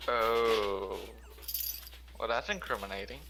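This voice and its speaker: A man's voice: on the low side, slow pace, background noise. A man playing in a casual tabletop role-play session, easygoing and thinking aloud. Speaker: player.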